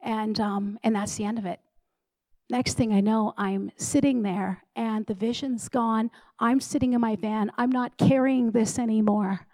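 Woman telling a creaky testimony. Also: on the high side, a little slow, dry recording, low-quality recording. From Canada. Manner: animated storyteller who acts out dialogue. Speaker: ministry leader. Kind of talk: personal testimony to a congregation.

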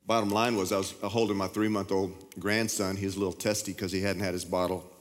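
A man's voice: deep voice, level tone, quick pace. A middle-aged man preaching a sermon in a folksy way, often repeating and stumbling over his words, in a large church hall. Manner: folksy, repetitive, stammering. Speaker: pastor. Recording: long hall reverb.

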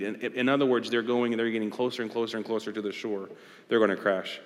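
A male pastor with a lowish, fairly flat voice speaks quickly in a conversational sermon, driving his points home with repeated rhetorical questions. He's in a large church hall, and the recording carries its long reverb.

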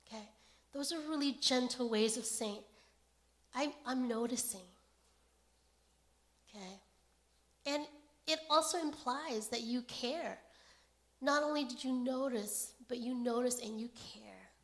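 A woman preaching a sermon in a gentle, unhurried way, often pausing to check in with "okay?". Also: fairly high pitch. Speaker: pastor.

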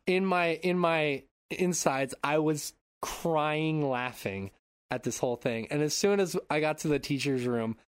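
A man hosting a podcast, telling a story in casual chat, animated and swearing freely while acting out loud shouts, on a close microphone at home. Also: on the high side, measured pace, clear, resonant tone, no room sound. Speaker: podcast host. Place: home room. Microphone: close podcast mic.

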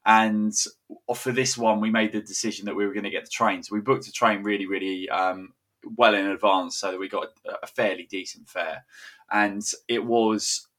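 Low-voiced, bright-toned chatty man. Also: steady tone, moderate pace. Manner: rambling, chuckling storyteller with many restarts. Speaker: podcast co-host. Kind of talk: casual chat.

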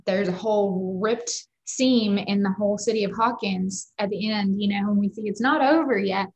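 A woman co-hosts a casual faith-based chat at a middle pitch, warmly affirming and reflective. She talks her thoughts through at length. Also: normal speed, muffled recording. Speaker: podcast co-host.

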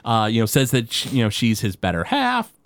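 A man co-hosting a podcast, excitedly recapping a cartoon episode with quick paraphrased quotes and frequent restarts. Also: mid-range voice. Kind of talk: casual chat.

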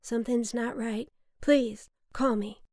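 A worried middle-aged man, as a woman reads him, earnest and anxious. His voice has a slight gravelly edge and sits close and dry. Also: on the high side, steady tone, takes it slowly, mellow, no room sound.

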